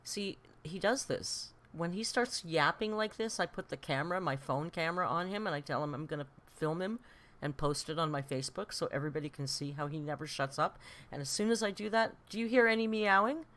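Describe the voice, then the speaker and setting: A woman's voice: sits low, fairly quick, a bit bright. A woman hosting a live react stream, chatting with joking asides. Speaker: channel host reacting to a video.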